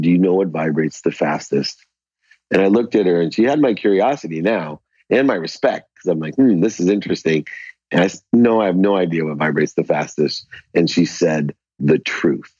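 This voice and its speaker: A man being interviewed as a podcast guest, animated as he tells a story and acts out the dialogue. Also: deep voice, slightly rough, no room sound, lo-fi sound.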